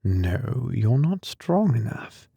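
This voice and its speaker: A man's voice: medium pitch, big pitch swings, slow, gravelly, breathy edge, no echo, clean studio sound, voice pushed up, full character voice. Catherine, a tender young woman, as a man voices her. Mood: protesting. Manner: soft, affectionate. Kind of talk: audiobook character voice.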